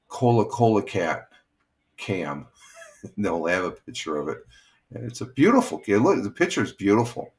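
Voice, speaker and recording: An older man hosting a casual morning livestream, talking in a rambling, halting way with lots of fillers. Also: on the low side. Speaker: livestream host.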